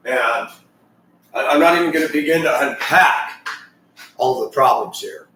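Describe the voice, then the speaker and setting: A man's voice: mid-range voice, measured pace, bright, forceful tone, recorded from a distance. A man in his fifties giving an emphatic, rambling ranting monologue with frequent restarts. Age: 50s. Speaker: video commentator. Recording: very echoey room, voice off-mic.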